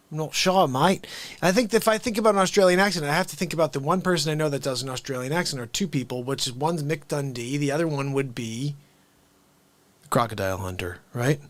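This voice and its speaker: A man's voice: on the high side, a little fast, no room sound. A man hosting an unscripted live stream, rambling chattily and addressing his viewers directly.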